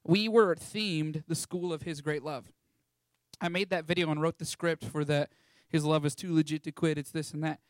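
A man's voice: a little high, moderate pace, no room sound. A young man from Texas, animatedly telling a personal story to an audience and acting out the voices of the people in it. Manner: animated, acts out voices in his stories. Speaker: ministry school student sharing a testimony.

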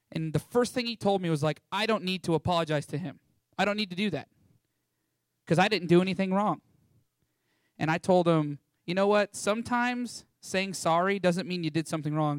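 Animated young man telling a story. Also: high voice, no room sound. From Texas. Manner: animated, acts out voices in his stories. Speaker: ministry school student sharing a testimony. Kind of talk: storytelling talk to an audience.

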